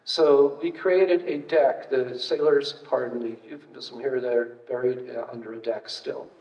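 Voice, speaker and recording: A man's voice: mid-range voice, steady tone, measured pace, a little mellow. An older man, a retired archaeologist, giving a casual, anecdotal public talk with slides, full of fillers and wry asides. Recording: distant, roomy, dull hall recording.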